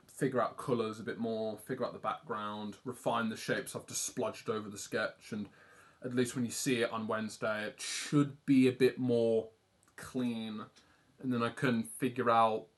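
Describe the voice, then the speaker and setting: Rambling young Englishman chatting while drawing. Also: medium pitch. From England. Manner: rambling, self-deprecating, casually swearing. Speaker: art streamer. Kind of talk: casual livestream chat while drawing.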